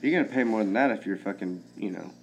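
Low-voiced slangy podcast co-host. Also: male voice, fast talker, gravelly, muffled recording, a little hiss or hum. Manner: laid-back, slangy, says dude and like a lot. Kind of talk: casual true-crime podcast chat.

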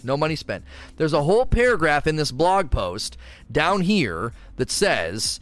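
Animated young male game streamer. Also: a little high, moderate pace. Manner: animated ranting, laughs often. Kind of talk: live stream commentary.

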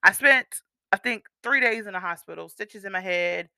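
A woman's voice: mid-range voice, normal speed, creaky, pushed and bright, dry recording, studio quality. A woman telling viewers a personal story in a candid, profane, conversational storytime vlog.

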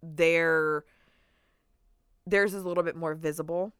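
A woman's voice: low voice, fairly even intonation, measured pace, a bit bright, smooth, no room sound, clean studio sound. A young woman co-hosting a podcast in casual chat, rambling with lots of fillers and frequent laughs. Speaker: podcast co-host.

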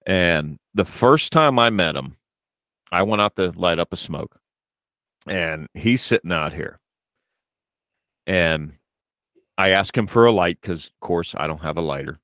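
Man, low voice, lively ups and downs, podcast co-host, storyteller, dry close mic. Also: unhurried, pauses often, no echo. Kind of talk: casual podcast chat.

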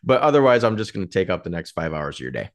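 A man's voice: low-pitched, big pitch swings, racing, no echo. A man hosting a podcast, chatting casually and laughing often with his guest. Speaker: podcast host. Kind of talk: casual interview chat.

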